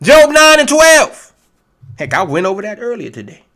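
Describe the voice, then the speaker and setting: A man delivers a street-style sermon with a high, bright voice. He is blunt and confrontational, cursing freely and mocking his critics between scripture readings. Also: sing-song, normal speed. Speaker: preacher.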